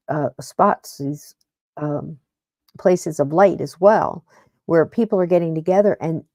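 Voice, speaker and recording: Middle-aged woman host, warm low voice, rambling chatty talk, dry close sound. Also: no echo. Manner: rambling, chatty, self-interrupting. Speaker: podcast host. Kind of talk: casual paranormal podcast talk.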